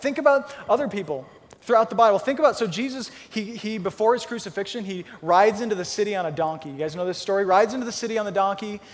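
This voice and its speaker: A man with a notably high voice preaches a sermon in a relaxed, storytelling way and acts out the characters as he goes. His voice rings out with a long reverb, as if in a big hall. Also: fast. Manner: conversational storytelling, acting out Bible characters. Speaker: pastor.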